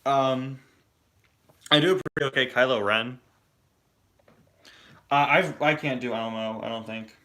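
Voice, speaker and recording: A man's voice: mid-range voice, measured pace, long pauses, pushed and bright. A man chatting casually during a live Q&A stream, rambling and restarting his sentences. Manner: rambling, hesitant, many restarts. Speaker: toy review streamer.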